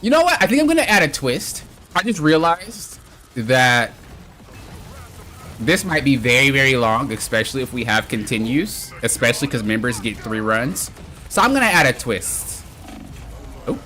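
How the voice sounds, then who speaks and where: A man live-streaming a video game with excitable, exclamatory commentary, yelling at mishaps and trash-talking his friends. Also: mid-range voice, normal speed, long pauses.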